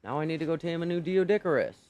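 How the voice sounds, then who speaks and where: A young man commentating his gameplay, his pitch leaping up and down as he rants in disbelief. He swears freely and sounds thoroughly exasperated. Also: expressive, very fast, darkish tone. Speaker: gaming channel host.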